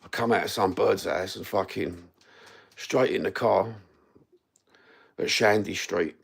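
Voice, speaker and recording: Middle-aged Cockney man, gravelly and low, sweary livestream storyteller. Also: unhurried. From East London, England. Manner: sweary, rambling, matter-of-fact. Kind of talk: rambling storytelling.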